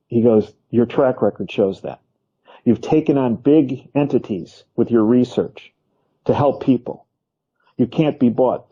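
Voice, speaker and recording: Man, physician guest, storytelling, quotes the dialogue, medium pitch, dull lo-fi sound. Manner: retells a conversation with many "he goes", quoting dialogue. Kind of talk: storytelling in an interview.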